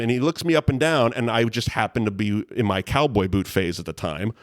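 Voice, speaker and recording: A man's voice: mid-range voice, fairly quick. A man, a guest telling long, rambling anecdotes in casual chat, full of restarts and laughs. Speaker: guest storyteller.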